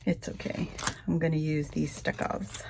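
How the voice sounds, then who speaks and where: A woman vlogger chatting casually through a shopping haul, rambling and breaking into high, gushing squeals over cute things. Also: fairly even intonation, normal speed, gravelly, a little mellow, slight background noise. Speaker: craft vlogger.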